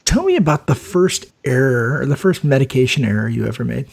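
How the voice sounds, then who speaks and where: A man's voice: mid-range voice, lively intonation, a little fast, gravelly, a little mellow, breathy edge. A man, the host of a nursing podcast, telling work stories casually and laughing often. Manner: laid-back, laughs often, acts out quoted voices. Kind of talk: casual storytelling chat.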